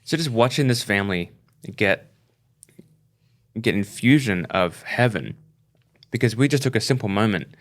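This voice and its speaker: A man's voice: on the low side, lively intonation, moderate pace. A middle-aged man telling a story in casual talk on a podcast, acting out the people he quotes. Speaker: podcast co-host.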